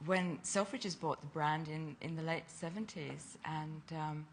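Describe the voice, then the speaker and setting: Lively laughing older woman storyteller. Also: low voice, measured pace, slight background noise. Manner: warm storytelling, laughs often while telling stories. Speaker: interview guest, fashion designer. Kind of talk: casual chat.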